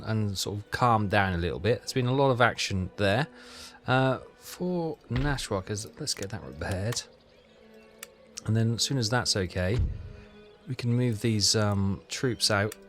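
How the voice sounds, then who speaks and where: A man giving casual commentary on a strategy game, thinking aloud with halting, self-correcting phrases. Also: fairly low pitch, lively intonation, fairly bright tone, faint music behind. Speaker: gaming channel host.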